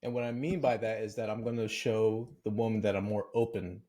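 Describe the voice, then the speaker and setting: A man's voice: on the low side, steady tone, fairly quick, mellow. A man guesting on a podcast, speaking candidly and conversationally as he tells stories. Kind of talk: casual interview chat.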